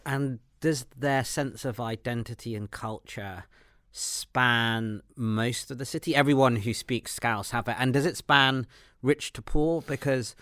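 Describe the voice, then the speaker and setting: A man hosting a podcast, asking curious, measured interview questions. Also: mid-range voice, fairly bright tone, no room sound, clean studio sound. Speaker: podcast host.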